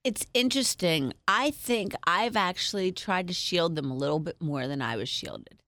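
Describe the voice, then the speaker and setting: A woman's voice: fairly low pitch, animated, moderate pace, pushed and bright. A middle-aged woman guest telling personal stories in an interview, frank and upbeat, using humor. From Springfield, United States.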